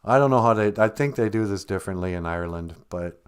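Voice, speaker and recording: A man hosting a live stream, talking casually about grief with gentle, self-deprecating humor while holding back tears. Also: fairly low pitch, fast, clear, resonant tone. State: close to tears.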